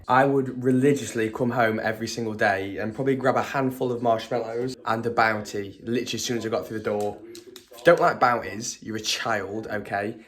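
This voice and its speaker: A young man talks straight to his viewers in a relaxed food vlog. He sounds eager and chatty, often breaking into excited exclamations. His pitch sits in an ordinary middle range. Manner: enthusiastic and chatty, lots of exclamations. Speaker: vlogger.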